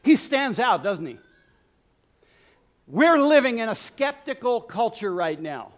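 A male preacher delivers a sermon with animated emphasis and turns often to speak straight to his listeners. His voice sits high and leaps up and down in pitch. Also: a little slow.

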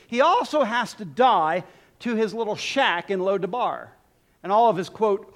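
A man preaching a sermon in a lively, humorous way, often laughing at his own jokes. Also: high-pitched, moderate pace.

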